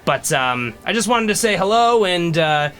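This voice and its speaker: A man voicing a frail, kindly old male dwarf who is hard of hearing, speaking in a halting, stammering way. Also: high-pitched, very animated, a bit bright. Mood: friendly.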